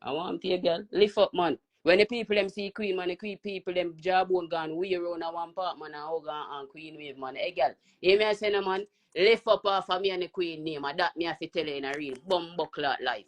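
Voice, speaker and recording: A Jamaican man taunting and ranting loudly on a live stream. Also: high voice, fairly even intonation, a little fast, hardly any pauses. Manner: loud, taunting, repetitive. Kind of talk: heated live stream rant.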